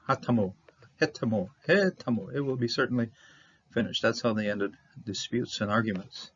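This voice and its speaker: A man teaching a verse-by-verse Bible Hebrew lesson, halting with fillers and restarts, repeating words for stress. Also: medium pitch. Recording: dull lo-fi audio with faint noise.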